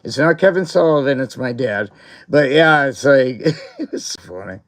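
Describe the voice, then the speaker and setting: The livestream host, an expressive man with a medium-pitched voice, tells a school story at normal speed. His casual telling rambles, full of fillers and breaking into laughter.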